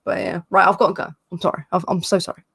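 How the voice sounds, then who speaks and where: A woman's voice: lowish voice, level tone, quick pace, vocal fry, a bit bright, a little hiss or hum. A woman joining a livestream as a guest, chatting casually, giggling and apologizing in a hurry. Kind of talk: casual chat.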